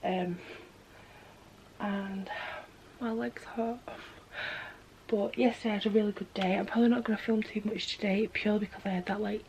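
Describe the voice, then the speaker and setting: A young woman, chatting to camera in a vlog and retelling a story in a gossipy, animated way. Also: mid-range voice, slight background noise, poor audio. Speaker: vlogger.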